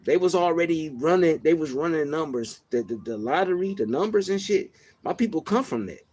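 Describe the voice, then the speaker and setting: A soft-spoken, high-pitched man from Detroit hosts a livestream, talking a little fast in a casual monologue. His voice is soft and even, and his style is reflective and slangy with many fillers.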